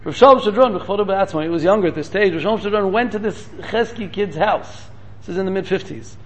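A man giving a storytelling sermon as a guest speaker, talking in rapid, repetitive bursts sprinkled with Hebrew terms. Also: high-pitched, slightly rough, highs cut off.

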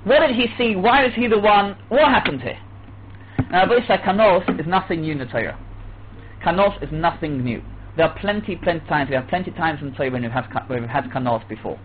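High-voiced man teaching over a tinny line. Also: fairly quick. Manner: animated, acts out voices, restarts often. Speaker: Torah teacher. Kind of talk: Torah class lecture. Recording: tinny phone-like line with faint hiss.

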